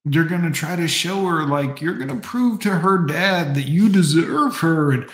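A man's voice: fairly high pitch, expressive, a bit bright, roomy sound. A man delivering a profane, emphatic rant in a casual monologue. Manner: profane, ranting, slow and emphatic.

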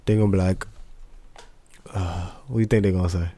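A man's voice: deep voice, steady tone, a little fast, warm tone, breathy edge, dry recording. Laid-back, profane young American man. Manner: loose, profane, laughing often. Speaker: co-host reacting to a video. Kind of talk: casual reaction chat.

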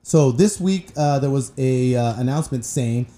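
Mellow-voiced man chatting in a roomy space. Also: medium pitch, moderate pace. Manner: loose storytelling, swearing, laughs a lot. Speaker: podcast co-host. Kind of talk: casual profane chat.

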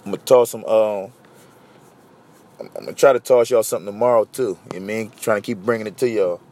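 A young man from Philadelphia with a Philly accent, hosting a casual solo podcast and telling stories in a blunt, profane, animated way. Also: fairly low pitch, fast. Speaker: podcast host.

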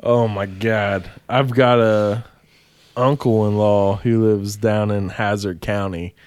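Man, podcast co-host, slow relaxed pace, salty storyteller, dry mic. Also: on the low side, no room sound. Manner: swearing storyteller, laughs often. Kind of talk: casual chat.

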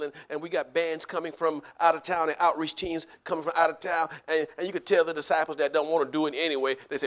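Male evangelist, very high voice, bright and forceful delivery, preaching style, shouts at the peaks. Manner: animated preaching with shouted peaks, laughs and folksy storytelling. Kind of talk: sermon.

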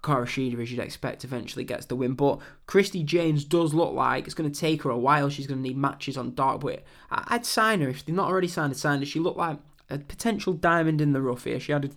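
A man's voice: on the high side, quick pace, fairly bright tone. A young English man hosting a wrestling podcast, recapping a show in a chatty, rambling way with lots of ums. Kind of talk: casual show review.

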